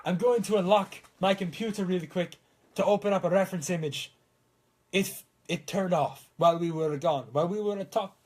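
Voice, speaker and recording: A man's voice: high voice, fairly quick, darkish tone. A young man rambling on a casual prop-making livestream in a put-on Italian accent, talking through a swollen lip. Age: young adult. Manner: rambling, self-mocking, trails off mid-sentence.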